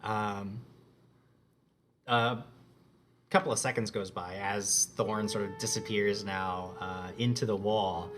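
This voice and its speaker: A man's voice: on the low side, takes it slowly, long pauses, faint music behind. Laid-back, chatty game master man. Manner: relaxed, chatty, with many fillers. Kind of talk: narrating a tabletop game.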